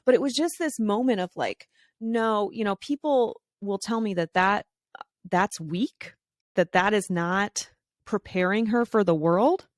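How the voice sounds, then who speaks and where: A woman in her thirties hosting a podcast, telling stories in a casual monologue and acting out the dialogue with quick voice shifts. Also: mid-range voice, no echo. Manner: chatty with frequent fillers and laughs. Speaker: podcast host.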